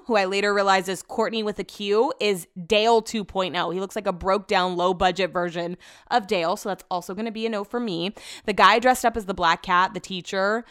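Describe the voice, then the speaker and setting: In a clean studio recording without echo, a young woman podcast host gives a casual recap full of sarcastic, opinionated takes. Her medium-pitched voice is a bit bright, with a clear, resonant tone.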